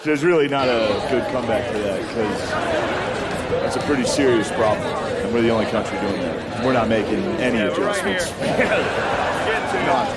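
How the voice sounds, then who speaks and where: A man's voice: mid-range voice, expressive, normal speed, over a noisy crowd, heavy background noise. A man doing crude stand-up comedy, laughing at his own jokes and saying "dude" a lot. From United States.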